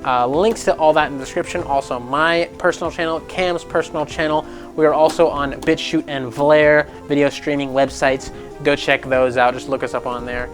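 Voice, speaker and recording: A young man hosting a casual gaming news show, animated and jokey, often slipping into mocking voices. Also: fairly high pitch, moderate pace, music in the background.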